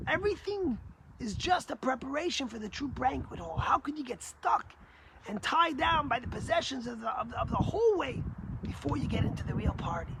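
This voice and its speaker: A man, a rabbi, giving a sermon with animated, emphatic storytelling. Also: very high voice, normal speed, noisy background.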